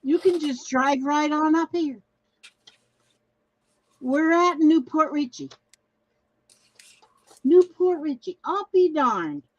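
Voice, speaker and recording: An older woman hosting a craft livestream, rambling cheerfully through viewer comments and often restarting her sentences. She talks fairly high and is recorded close and dry, with a slightly muffled sound. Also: slow pace, pauses often, no room sound. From Minnesota, US. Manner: chatty, reads viewer comments aloud, trails off and restarts. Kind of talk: casual livestream chat.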